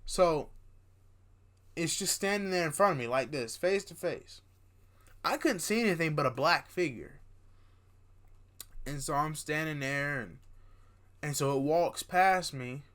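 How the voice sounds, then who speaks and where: Young male vlogger, high voice, tired, rambling casual storytelling with restarts. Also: measured pace, pauses often. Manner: animated, rambling with restarts and asides. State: tired, yawning.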